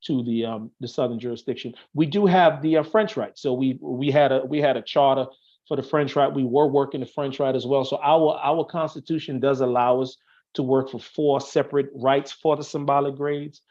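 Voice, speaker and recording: A Masonic officer appearing as a guest on an online show explains things in casual conversation, earnest and thinking aloud, often restarting sentences and using fillers. His medium-pitched voice is darkish, fairly even in intonation, and moderately paced, and the audio is dull.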